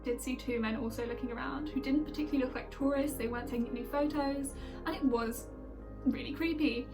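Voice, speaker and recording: A woman's voice: sits high, steady tone, fast talker, distant mic, over music. A young woman chatting in a casual, personal vlog narration. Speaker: travel vlogger.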